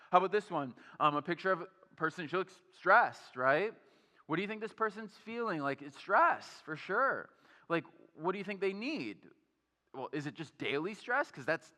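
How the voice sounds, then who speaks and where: A young man and pastor giving an energetic, conversational sermon, often turning to the audience with questions and filler words. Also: a little high, in a large hall. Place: church auditorium.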